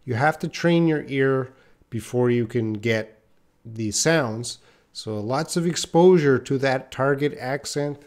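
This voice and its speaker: A man's voice: medium pitch, slow. Casual man giving pronunciation advice. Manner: relaxed, rambling with fillers and restarts. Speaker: English teacher. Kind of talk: casual teaching talk.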